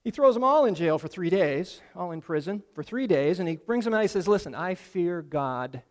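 High-voiced preacher in a reverberant hall. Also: male voice, fairly quick. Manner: casual, animated retelling with asides to listeners. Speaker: pastor. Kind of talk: sermon.

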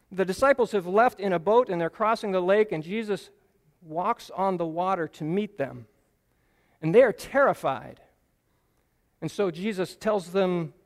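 A man with a fairly high voice preaches an earnest, explanatory Bible teaching sermon. He slows down and stresses key phrases to drive them home, and his voice rings out with the long reverb of a large hall.

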